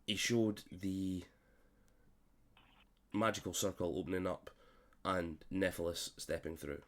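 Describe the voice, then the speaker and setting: A man who is unwell, narrating a tabletop game as game master with halting, filler-heavy speech on a voice call. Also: low-pitched. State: unwell, coughing.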